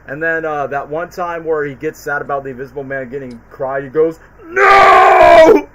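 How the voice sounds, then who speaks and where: A man's voice: on the high side, steady tone, brisk, a little hiss or hum, low-quality recording. A man hosting a casual stream chat, rambling with lots of fillers. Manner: rambling, quotes movie lines in put-on voices, many fillers. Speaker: streamer host.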